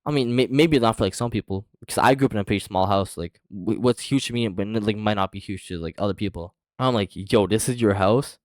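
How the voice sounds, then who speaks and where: A man's voice: lowish voice, fast, few pauses, no room sound. A young man casually telling a storytime story to his viewers, slangy and profane, with lots of fillers.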